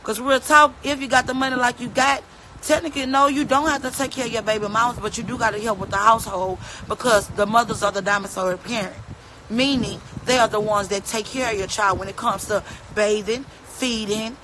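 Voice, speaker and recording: A woman's voice: on the high side, fairly even intonation, fairly quick, noisy background. A woman, ranting bluntly and profanely into her phone during a livestream. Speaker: mother speaking out on social media. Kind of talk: angry livestream rant.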